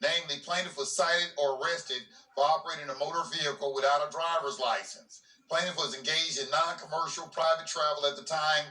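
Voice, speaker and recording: A man's voice: on the high side, steady tone, a little fast, hardly any pauses, sharp tone, far from the mic. A man hosting a legal commentary channel. He reads a legal document aloud and breaks off for plainspoken asides, often repeating words as he restarts. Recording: roomy echo, voice from away from the mic.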